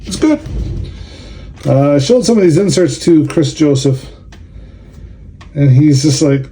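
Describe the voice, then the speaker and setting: Grumbling man, slow and dark-toned. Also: fairly high pitch, animated. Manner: grumbling, sarcastic complaints. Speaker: card collector and show organizer. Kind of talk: casual vlog, opening cards.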